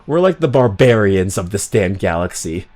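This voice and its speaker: A man's voice: lowish voice, big pitch swings, normal speed, darkish tone. A man streaming a game, rambling through casual, slangy commentary with swearing and self-mocking asides.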